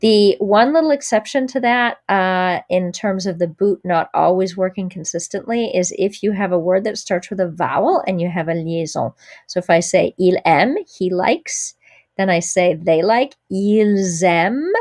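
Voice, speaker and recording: A middle-aged woman with a fairly low voice teaches French pronunciation in English. She explains patiently and slows down to model each French word clearly. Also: darkish tone. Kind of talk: spoken language lesson.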